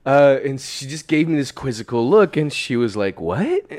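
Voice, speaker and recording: A man's voice: mid-range voice, normal speed, a little mellow. A young man telling a rambling, self-deprecating story in casual chat, laughing often and swearing freely.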